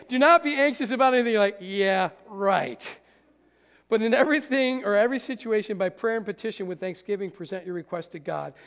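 High-voiced gravelly male pastor preaching. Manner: animated, asks the audience questions. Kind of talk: sermon. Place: church sanctuary. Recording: church hall with long reverb.

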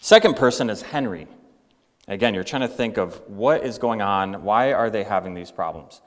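A man's voice: lowish voice, animated, moderate pace, in a large hall. A male pastor preaching a sermon in a conversational way, acting out everyday examples. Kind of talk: sermon with storytelling.

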